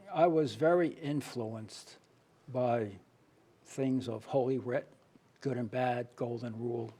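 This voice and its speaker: A man's voice: medium pitch, dark tone, slightly rough. A man being interviewed, telling his own story candidly and earnestly, often restarting his phrases. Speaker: interview guest, playwright and author.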